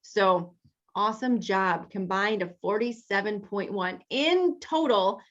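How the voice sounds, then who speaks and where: A woman's voice: mid-range voice, slow, muffled recording. A woman leading a weight-loss group over a video call, chatty and encouraging, talking straight to the group.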